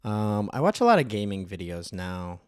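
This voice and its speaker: A man's voice: lowish voice, sing-song, moderate pace, a little mellow, clear, resonant tone, no room sound, clean studio sound. A man hosting a casual podcast chat, laid-back and rambling, with plenty of fillers. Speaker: podcast host.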